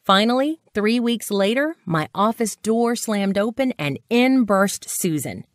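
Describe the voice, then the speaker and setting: A woman narrating a dating-advice sales pitch as a dramatic personal story. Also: animated, measured pace, no room sound, studio quality.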